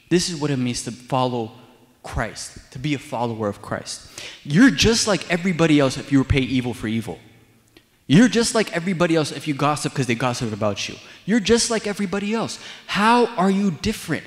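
Conversational male preacher in echoing church. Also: fairly high pitch. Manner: conversational storytelling, repeats key phrases. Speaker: deacon preaching. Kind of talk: sermon. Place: church sanctuary.

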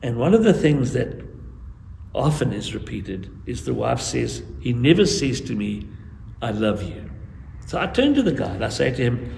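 An older man from South Africa preaching a sermon as guest preacher, earnest and pleading by turns, with lively storytelling. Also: medium pitch, a little slow, gravelly. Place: church sanctuary. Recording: echoey church with faint ambient noise.

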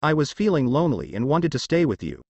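A man's voice: a little high, big pitch swings, fast, no room sound, muffled recording. Man reading as a motherly earth goddess. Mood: caring. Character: gentle motherly female earth goddess, tiny fairy form.

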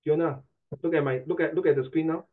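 A man's voice: fairly high pitch, fairly even intonation, fast talker. Give me a joking Singaporean male tutor teaching online, over a tinny phone line. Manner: playful, joking, rhyming wordplay. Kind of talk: online class lecture.

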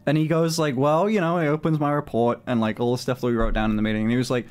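A man telling a story on his stream in a casual, animated way, swearing often and filling his talk with "like". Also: medium pitch, fast, clean tone. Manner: animated, swears a lot, many fillers.

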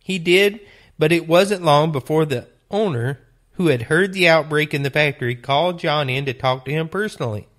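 A man teaching a Bible lesson, retelling stories in a deliberate, earnest way. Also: on the high side, fairly bright tone. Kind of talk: sermon storytelling.

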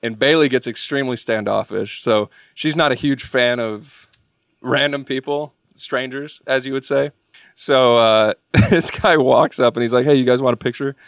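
A man's voice: mid-range voice, unhurried, vocal fry, dry recording, clean studio sound. A young man, a podcast guest, telling a long story in a rambling, casual way with lots of filler words. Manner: rambling, filler-heavy delivery.

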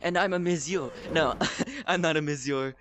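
A male gameplay host teasing his friends in excited gaming commentary, with loud outbursts. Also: a little high, normal speed, a little hiss or hum.

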